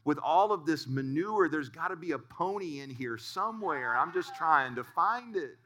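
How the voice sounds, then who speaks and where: A man's voice: on the high side, normal speed, a little hiss or hum. A man voicing an eager, cheerful little boy of about six in a sermon story. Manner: excited.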